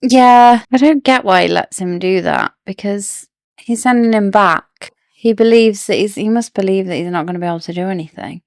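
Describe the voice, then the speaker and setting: Brief: female podcast co-host, lowish gravelly voice, dry close sound, speculative chat. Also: moderate pace, a little mellow, no room sound. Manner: speculates and asks questions about the plot. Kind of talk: casual book discussion.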